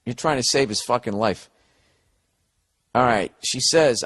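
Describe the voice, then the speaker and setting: Blunt, profane comedian giving advice. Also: male voice, medium pitch, a little slow, long pauses, a bit bright, no room sound. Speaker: comedy podcast host.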